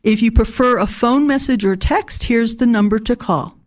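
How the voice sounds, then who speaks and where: A woman hosting a community radio program, earnestly asking listeners to get in touch and spelling out contact details slowly and deliberately. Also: on the high side. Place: radio studio.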